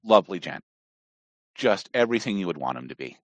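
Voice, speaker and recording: Fairly quick and low-voiced, this Southern Appalachian man talks casually on a podcast, captured in a dry recording. He's animated and rambling, wandering off into digressions.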